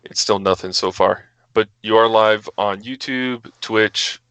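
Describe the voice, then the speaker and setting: A man's voice: fairly low pitch, fairly even intonation, unhurried, a bit bright, smooth, no room sound, low-quality recording. A man co-hosting a gaming podcast as tech support, matter-of-fact and helpful in casual chat. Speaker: co-host handling tech support.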